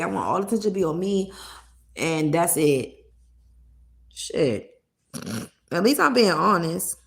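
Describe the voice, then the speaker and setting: A woman's voice: fairly low pitch, gravelly, a bit bright. A young woman chatting bluntly and profanely with viewers on a livestream, laughing between points. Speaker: live streamer. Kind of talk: casual livestream chat with viewers.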